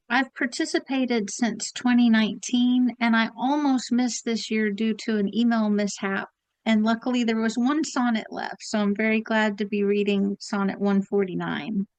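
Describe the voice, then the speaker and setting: A woman briskly introduces herself and then begins reading a sonnet aloud. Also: a little high, steady tone, no room sound, poor audio. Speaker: sonnet reader. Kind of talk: poetry reading.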